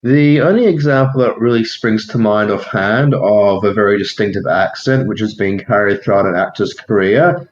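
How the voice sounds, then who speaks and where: A man co-hosting a casual film-discussion podcast who explains his points deliberately and without hurry. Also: on the low side. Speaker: podcast co-host. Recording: dull, echoey lo-fi sound.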